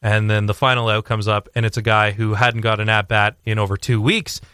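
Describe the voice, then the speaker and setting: A young man talking sports on a radio show, rambling with fillers and restarts as he tells a story with growing excitement. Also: on the low side, fairly quick, smooth, no room sound, clean studio sound. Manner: animated storytelling. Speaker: sports commentator guest. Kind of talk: casual radio sports chat.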